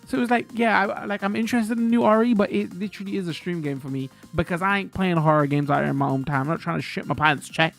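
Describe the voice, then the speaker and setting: A man's voice: sits high, very fast, creaky, few pauses, faint music behind. A man streaming games, chatting and ranting loosely to his viewers with frank swearing. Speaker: game streamer. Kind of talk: casual live-stream chat.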